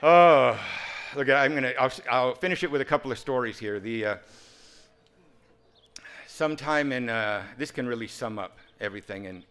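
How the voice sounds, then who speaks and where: Fifties male speaker, lively humorous storyteller, plain mid voice. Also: mid-range voice, normal speed, clear, resonant tone. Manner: animated, humorous, full of sound effects. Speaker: recovery talk speaker. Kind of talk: personal storytelling speech.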